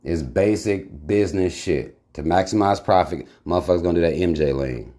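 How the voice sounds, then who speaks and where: A man's voice: low voice, brisk, warm tone. A man hosting his channel, talking bluntly in casual commentary with heavy swearing. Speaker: channel host reacting to a video.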